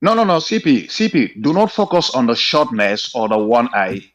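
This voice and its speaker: A man's voice: mid-range voice, sing-song, normal speed, dull audio. A man calling in to a heated live debate, speaking hesitantly with many fillers and repeatedly trying to break in. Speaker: caller.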